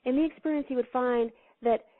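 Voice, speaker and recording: A woman with a somewhat high voice tells teaching stories as an interview guest, slipping into the voices of the people in them. Her voice comes through a thin, tinny phone line. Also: a little fast. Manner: animated storyteller who acts out the voices in her stories.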